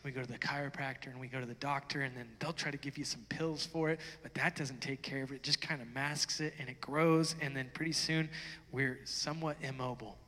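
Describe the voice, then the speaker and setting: A man preaching a sermon, chatty and plainspoken, then swelling into loud, fervent stretches. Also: medium pitch, steady tone, a little fast. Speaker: pastor. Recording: long reverb of a large hall.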